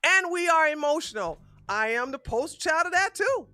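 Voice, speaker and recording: Woman streamer, profane and blunt, bright lively voice, dry close sound, faint music behind. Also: sits high, normal speed, no echo. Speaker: commentary streamer. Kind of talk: casual livestream commentary.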